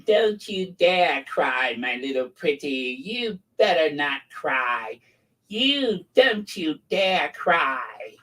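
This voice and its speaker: A scolding middle-aged woman who slips into a cackling witch's voice, as a man puts her on, stretching each slow taunt with menace. The voice sits a little high and sounds set back from a distant mic. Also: big pitch swings, a bit bright, heavily acted. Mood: mocking.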